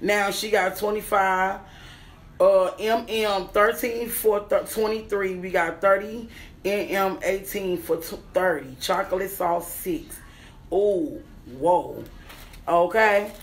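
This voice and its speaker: A young woman comedian talks to her viewers in a loud, excitable, profane way and drags her words out slowly. She chants single words in a sing-song loop while she goes through a gift bag. Her pitch sits in the middle range. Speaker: comedian and businesswoman. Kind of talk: casual unboxing livestream.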